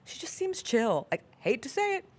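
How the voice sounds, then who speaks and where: A woman's voice: sits high, very animated, moderate pace. A woman hosting a sports talk show, chatting casually and animatedly, laughing often. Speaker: sports radio show host. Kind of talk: casual chat.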